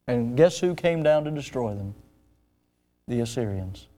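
A man preaches with a high, clear, ringing voice. He swings between loud, emphatic peaks and hushed asides, and he often turns to the congregation with direct questions. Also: animated, normal speed. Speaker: pastor. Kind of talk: sermon.

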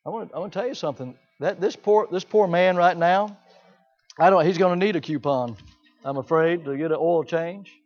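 A man preaching a sermon in an animated way, often mimicking the people he talks about. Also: on the high side, fairly quick, highs cut off, faint music behind. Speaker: pastor.

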